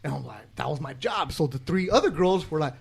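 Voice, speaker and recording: A man's voice: a little high, expressive, brisk, gravelly, crowd noise. A man, telling stories on a casual podcast as a guest broadcaster, acting out quotes and swearing freely.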